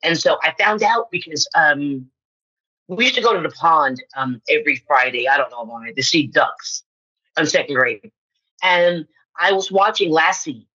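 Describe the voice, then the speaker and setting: A woman in her fifties, an actress guest on a podcast, telling personal stories in an animated way and acting out the voices of people she quotes. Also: sits low, moderate pace, breathy edge, highs cut off. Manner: animated storyteller who acts out quoted voices. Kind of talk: personal storytelling in conversation.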